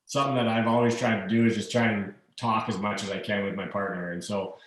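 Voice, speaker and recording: A man's voice: fairly low pitch, fairly even intonation, fairly bright tone, roomy sound, far from the mic, low-quality recording. A man in his thirties, a hockey player guest, chatting easily with lots of fillers and restarts. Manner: easygoing, halting with fillers and restarts. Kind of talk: casual interview chat.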